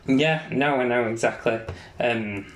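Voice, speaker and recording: A man co-hosting a podcast, with a mid-range voice and an excitable, sweary delivery. He keeps jumping into impressions of film lines. The recording has a noticeably echoey room sound. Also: mid-range voice, unhurried, a crowd in the background. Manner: animated, swears freely, acts out film quotes. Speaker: podcast co-host. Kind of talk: casual chat.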